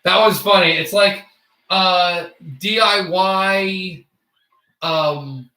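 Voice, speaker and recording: A man's voice: sits high, extremely slow, pushed and bright, roomy sound, poor audio. A young man from the United States giving casual play-by-play hockey commentary on a livestream, often stammering and repeating words.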